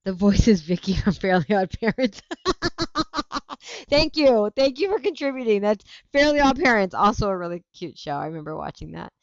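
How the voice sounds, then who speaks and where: A woman's voice: medium pitch, moderate pace, dry recording, dull audio. A woman hosting a livestream, chatting casually and reacting to viewer comments with frequent laughter. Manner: animated, laughing often, self-interrupting. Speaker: livestream host.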